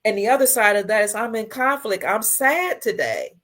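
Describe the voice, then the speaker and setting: A woman hosting a casual livestream, reading viewer comments, emotional and tearful, her voice swinging between soft and loud. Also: fairly high pitch, big pitch swings, normal speed. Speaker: livestream host.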